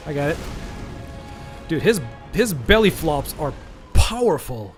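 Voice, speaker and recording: A male gaming streamer giving live commentary over a boss fight, chatty and quick to swear or yelp when hit. His voice sits a little high for a man. Faint game music runs underneath. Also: big pitch swings. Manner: chatty, swears, yelps at hits.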